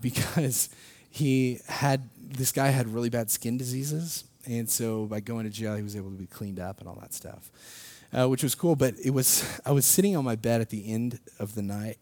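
A young man telling a personal faith story in a casual, animated way, laughing often and acting out what people said. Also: medium pitch, dry recording. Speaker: speaker sharing a personal testimony.

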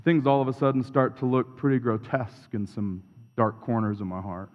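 Male pastor, sermon, mid-pitched, echoey sanctuary, introspective, repeats lines for emphasis. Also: steady tone, fairly quick, a little mellow. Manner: reflective, confessional, builds through repeated phrases. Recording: long reverb of a large hall.

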